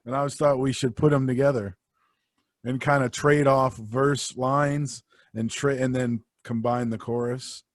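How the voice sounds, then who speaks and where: A man's voice: mid-range voice, steady tone, measured pace. A young man in easy podcast banter who jokes around and breaks into sung snippets. The sound is dry and close, with no room echo. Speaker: podcast co-host. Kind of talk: casual chat.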